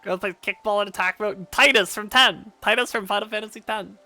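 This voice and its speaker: Bright-voiced, swearing woman streamer. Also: mid-range voice, fairly quick, faint music behind. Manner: animated, profane, laughs often. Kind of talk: casual live-stream chat while gaming.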